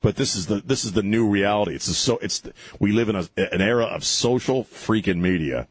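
Husky, ranting talk radio host. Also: male voice, on the low side, a little fast, few pauses, no echo. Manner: ranting, sarcastic, restarts often. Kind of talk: opinionated talk radio monologue.

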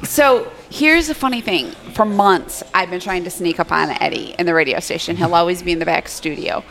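A woman's voice: lowish voice, brisk, creaky. A woman radio host chatting casually and telling stories with lots of laughter. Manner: giggly, animated storyteller. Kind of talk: casual podcast chat.

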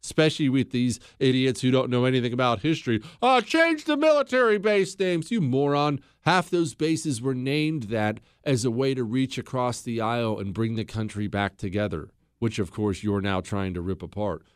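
A man's voice: mid-range voice, steady tone, moderate pace, few pauses, clean tone, no echo, studio quality. A man hosting a talk show, giving an emphatic, blunt history monologue and repeating phrases for stress.

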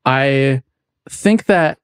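A man's voice: mid-range voice, extremely slow, clean tone, no room sound. Guest: young man from the west coast, easygoing, rambling, mid-range voice, dry close sound. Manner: relaxed, rambling, laughs often. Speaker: podcast guest. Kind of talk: casual chat.

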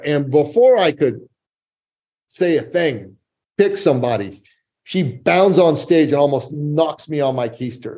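A man telling a story as a guest in a podcast interview, animated and emphatic. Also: on the high side, measured pace. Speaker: guest, business coach and author.

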